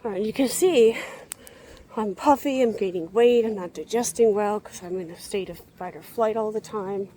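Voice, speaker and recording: A woman's voice: medium pitch, normal speed, mellow, slight background noise, poor audio. A young woman talking to her phone camera as she walks around a zoo outdoors, rambling and sighing, exhausted. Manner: rambling, tired, sighing often. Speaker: vlogger. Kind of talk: rambling vlog chat. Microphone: handheld phone camera.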